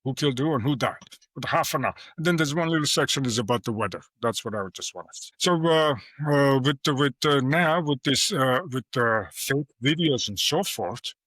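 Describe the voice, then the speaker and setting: Bright-voiced middle-aged man, animated talker. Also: medium pitch, a little fast, few pauses, dry recording. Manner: animated storyteller, acts out quoted dialogue. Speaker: guest AI professor. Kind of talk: casual interview talk.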